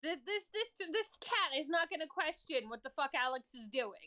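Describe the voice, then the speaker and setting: A woman playing in a tabletop game, excitable and swearing constantly. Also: high voice, normal speed. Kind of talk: casual chat.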